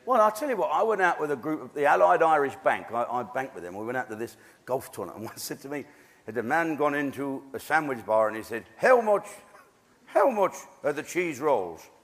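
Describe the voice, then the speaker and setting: A man's voice: mid-range voice, quick pace, a bit bright. A man telling a joke on stage, a chatty storyteller who slips into quoted voices. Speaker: stand-up comedian.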